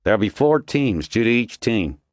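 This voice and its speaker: A man's voice: lowish voice, big pitch swings, normal speed, dry recording, clean studio sound, voice pushed up. A man voicing a hulking, brusque male Navy SEAL commander with a Texas accent, in an audiobook. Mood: commanding. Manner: brusque, barking, crude.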